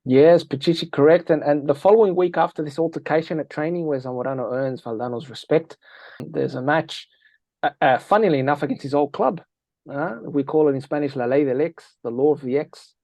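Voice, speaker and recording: A man on an interview, a football analyst, telling lively anecdotes and acting out quoted lines. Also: fairly high pitch, brisk, no room sound. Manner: energetic, tells anecdotes with quoted dialogue. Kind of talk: animated storytelling interview.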